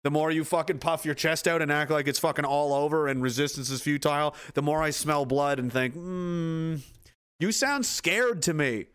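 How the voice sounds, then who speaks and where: A man's voice: a little high, flat delivery, a little fast, few pauses, a bit bright, smooth. A man delivering a fierce, profane motivational rant, swearing freely and hammering his points with repetition.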